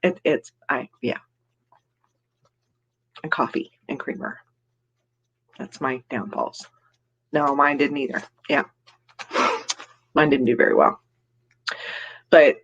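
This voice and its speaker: A woman's voice: sits low, steady tone, a little slow, pauses often, highs cut off. A woman hosting a casual live stream, chatty and rambling, laughing often and greeting viewers by name as she reads their comments. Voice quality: giggly, laughs often between remarks.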